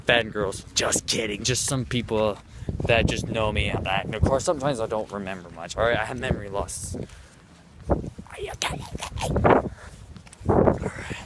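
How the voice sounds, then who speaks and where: A man's voice: lowish voice, fairly quick. A man vlogging outdoors into a handheld phone, telling a rambling story and repeating "of course" constantly. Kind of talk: casual rambling story vlog. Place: outdoors in the cold, walking. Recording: loud wind noise on phone mic.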